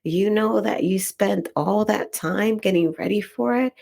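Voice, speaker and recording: A woman's voice: medium pitch, unhurried, vocal fry, a little mellow. A woman with a Dominican accent, hosting a podcast and telling a personal story in a chatty way, full of "like" and "right?". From Dominican Republic. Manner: chatty, frequent "like" and "right?" tags. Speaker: podcast host.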